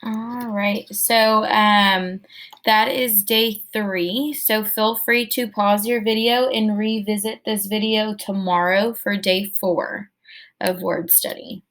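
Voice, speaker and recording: A woman teacher giving her class casual instructions in a relaxed way, with many ums. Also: medium pitch, slow pace, a little hiss or hum.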